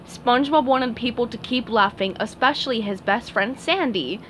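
A woman reading a children's picture book aloud, expressive and clear. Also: on the high side, moderate pace, a little hiss or hum. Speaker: storybook reader.

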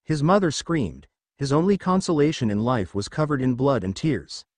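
A man reading fan fiction aloud as narrator, in a steady storytelling manner. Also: medium pitch, normal speed, no echo.

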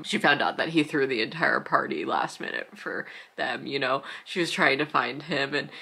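Tired young woman chatting to her vlog cam, low gravelly voice, swears a lot. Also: moderate pace, few pauses, bright, forceful tone. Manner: gushing, chatty, swears casually. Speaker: vlogger. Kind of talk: casual chat to camera.

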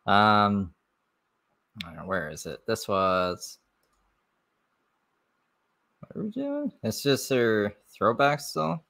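Low-voiced man rambling on a livestream. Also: sing-song, slow, creaky, pauses often, bright, forceful tone. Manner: rambling, offhand, low-key. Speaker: livestream host. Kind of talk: casual live-stream commentary.

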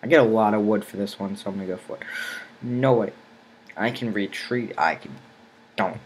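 A teenage boy talking casually over his gameplay. He rambles with lots of fillers and gets excited when fights go well. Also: fairly low pitch, normal speed, slight background noise. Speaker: gaming channel host. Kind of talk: casual let's-play commentary.

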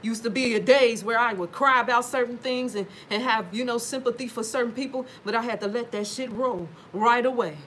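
A woman's voice: on the high side, brisk, few pauses, fairly bright tone, slight background noise. A woman talking casually to viewers from home, emphatic and full of profanity. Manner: emphatic, swears freely, addresses viewers directly. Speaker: livestream talker reading viewer comments. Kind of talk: casual profane livestream monologue.

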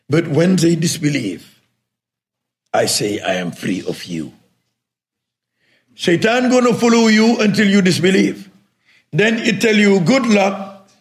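Man, religious teacher, sermon, fairly high voice, loud then very quiet. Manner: non-native English, asks listeners if they follow, swings between loud and very quiet.

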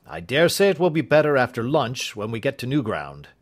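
A man voicing a blustering aristocratic hunter who talks loudly and in exclamations in an audiobook. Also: mid-range voice, sing-song, fairly quick. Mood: offhand. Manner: loud, exclaiming.

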